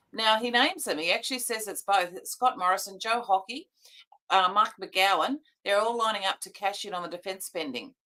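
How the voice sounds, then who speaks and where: A woman co-hosting a live online news chat, with a bright, forceful voice. She reads headlines aloud and chats loosely, full of ums and asides, over a video call. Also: medium pitch. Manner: chatty, filler-heavy, reading headlines aloud. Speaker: co-host of a live news talk show.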